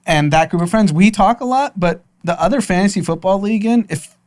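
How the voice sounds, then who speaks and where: A man in his thirties with a fairly high voice, chatting casually as a podcast co-host. He talks in an animated way and laughs easily. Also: brisk. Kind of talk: casual chat.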